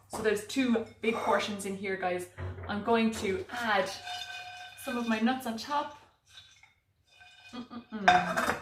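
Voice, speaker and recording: A woman's voice: medium pitch, noisy background. A woman presenting a live cook-along demonstration in her home kitchen, chatty and self-mocking, picked up by a camera mic some distance away. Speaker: cooking demo presenter. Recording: echoey kitchen, mic far off.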